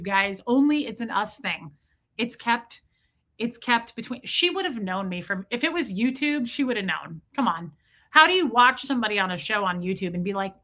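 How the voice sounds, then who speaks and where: A middle-aged woman on a casual live stream, telling a rambling, self-mocking story with deadpan jokes and reading out chat. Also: fairly high pitch, moderate pace.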